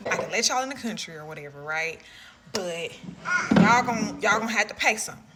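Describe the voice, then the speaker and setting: A woman's voice: fairly high pitch, expressive, normal speed, far from the mic, heavy background noise, lightly acted. A woman voicing a stern, pushy male border officer who makes aggressive demands. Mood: demanding.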